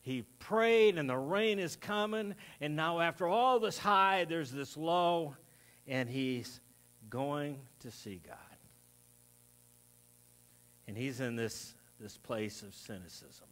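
In a church sanctuary, a pastor delivers a sermon through stories, slowly and expressively, in a fairly bright voice. When he quotes people, he acts out their voices with a rising pitch.

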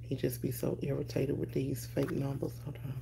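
A woman's voice: a bass voice, monotone, normal speed, creaky, very noisy. Chatty woman live streaming at home. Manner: loose, chatty, greets viewers by name, swears casually. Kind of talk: casual live stream chat.

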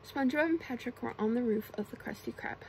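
A woman gently reading bedtime stories aloud in a soft ASMR style, sometimes whispering. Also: a little high, fast, slight background noise, low-quality recording. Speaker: ASMR storyteller.

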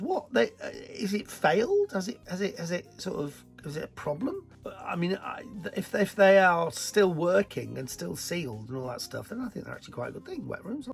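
A middle-aged man from northern England chatting casually as he answers viewer questions, lively and joking between answers. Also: high-pitched, gravelly, slightly rough. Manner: chatty, animated, jokey asides. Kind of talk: casual Q&A chat.

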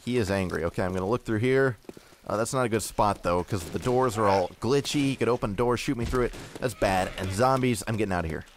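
Commenting casually on his own gameplay, a young man jokes and mocks himself as he goes. He has a fairly low voice and talks fairly quickly, with slight background noise.

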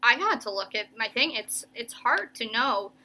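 A young woman teacher giving a remote reading lesson to children, slowly stretching out each word as she sounds it. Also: on the high side, very animated, bright, forceful tone, slight background noise. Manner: slow, stretched-out sounding of words.

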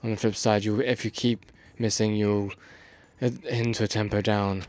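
A man's voice: fairly low pitch, flat delivery, normal speed, darkish tone, no room sound, faint music behind. A tired man doing casual let's play commentary, exasperated and rambling, swearing as he goes.

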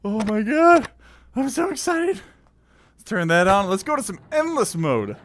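A young man narrates his VR gameplay with a high, lively voice that leaps up and down. He is playful and excitable, taunting the characters he fights. Faint game music plays quietly behind him. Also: measured pace, long pauses. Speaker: gaming YouTuber.

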